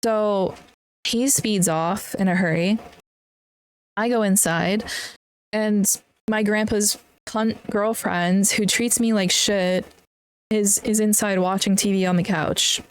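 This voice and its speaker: A woman's voice: medium pitch, fairly even intonation, takes it slowly, clean tone. A young woman hosting a podcast, telling a personal story bluntly with lots of swearing and plain upset. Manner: blunt and heavily profane, upset while recounting. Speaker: podcast host.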